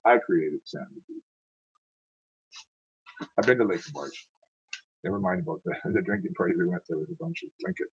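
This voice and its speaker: Tired gravelly man reading and rambling. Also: deep voice, wildly swooping pitch, brisk, long pauses, no echo. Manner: rambling, trails off and corrects himself. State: tired, stumbling over words. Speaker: poetry reader. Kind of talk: reading poems aloud, then rambling monologue. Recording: dull lo-fi sound, dry.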